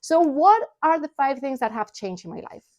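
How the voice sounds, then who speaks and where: A woman in her forties talks through a casual personal vlog with a slightly high voice. She is animated and excitable, slipping into hushed, confiding asides before bursting back into enthusiasm. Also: moderate pace. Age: 40s. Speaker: vlogger and entrepreneur.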